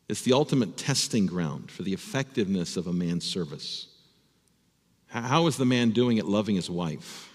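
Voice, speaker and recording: A man preaches to his congregation in an earnest, plain-spoken way, doubling words as he begins each thought. His voice sits at a middle pitch for a man. The church's long reverb trails behind him. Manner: earnest, repeats words when starting phrases. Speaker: pastor. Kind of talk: sermon. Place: church sanctuary.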